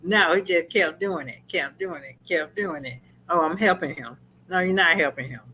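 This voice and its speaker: A woman co-hosting a review chat with a bright, ringing tone. She tells the story in an animated way and acts out the quotes. Faint noise sits underneath. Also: fairly low pitch, normal speed, poor audio. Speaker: podcast co-host.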